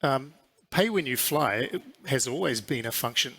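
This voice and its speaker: A man with a New Zealand accent, an airline chief executive answering questions in a measured, businesslike way at a conference interview, with frequent fillers. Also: mid-range voice, lively intonation, a bit bright, breathy edge. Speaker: airline CEO.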